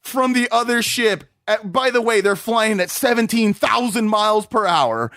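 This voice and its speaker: A young man with a high, lively voice, chatting casually about a movie as co-host. He talks with animated energy and mocks lines he finds silly. The sound is dry and close. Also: moderate pace, no echo. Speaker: podcast co-host. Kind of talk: casual movie review chat.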